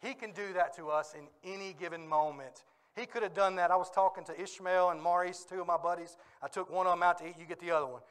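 A male pastor preaching a sermon in a church, telling stories with lively energy and bursts of laughter. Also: high-pitched, quick pace, hardly any pauses, smooth. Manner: animated storytelling with bursts of laughter. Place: church sanctuary.

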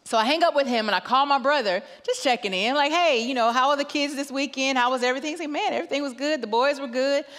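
A woman's voice: sits high, fast, hardly any pauses, a bit bright. A middle-aged woman preaching as a guest pastor, telling a family story with acted dialogue. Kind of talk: sermon with storytelling. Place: large church auditorium. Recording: long church hall reverb.

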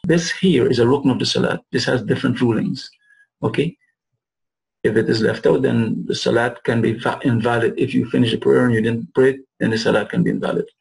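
A man's voice: medium pitch, steady tone, fairly quick, vocal fry, darkish tone, breathy edge, rough recording. A man teaching Arabic words of the Quran, repeating and restating terms as he explains them. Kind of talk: recorded lesson explaining verses.

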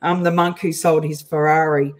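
A woman with an Australian accent hosts a casual interview, chatty and playful and laughing often. Her low voice has a level tone at normal speed, and the audio is poor.

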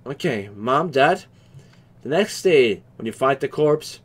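A young man hosting a horror game playthrough, talking loud, swearing and bursting into screams. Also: mid-range voice, expressive, unhurried. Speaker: gaming channel host.

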